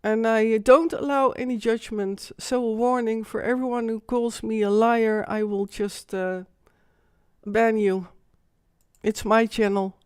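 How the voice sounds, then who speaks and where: Woman hosting a live stream, shaken and intense, slow delivery, fairly high voice. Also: steady tone, smooth, dry recording, studio quality. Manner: intense, insistent, repeats herself. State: shaken and emotional. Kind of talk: emotional live-stream monologue.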